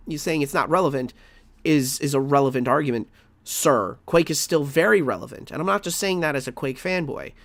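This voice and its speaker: A man's voice: fairly high pitch, dry recording. A man streaming live, reacting to a video and arguing back at it with rambling restarts and exasperated outbursts.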